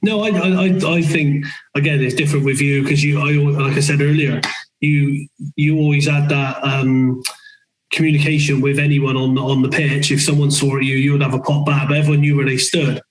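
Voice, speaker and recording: A man's voice: a little high, level tone, fairly quick. A man, a football club manager and podcast guest, speaking hesitantly and restarting his sentences. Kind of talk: casual podcast chat. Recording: roomy echo with faint background noise.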